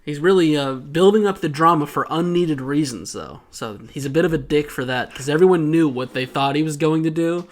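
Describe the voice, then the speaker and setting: A man's voice: fairly high pitch, fairly quick, few pauses. Teasing man with a slight Georgia twang. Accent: mild Southern US, Georgia. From Georgia, USA. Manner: teasing, wry joking. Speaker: podcast co-host. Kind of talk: casual chat recapping an episode. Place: studio at a podcasting table.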